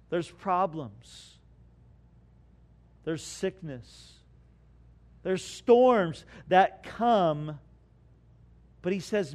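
High-voiced, unhurried preaching man. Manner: preaching with dramatic swings between quiet and loud; asks the congregation rhetorical questions. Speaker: pastor. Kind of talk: sermon.

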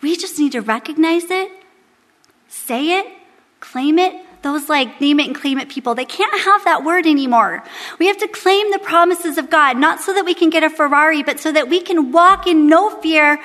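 A woman's voice: sits high, moderate pace, fairly bright tone, big-room sound. Candid, humorous woman preaching. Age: 30s. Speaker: women's Bible study speaker. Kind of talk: devotional sermon.

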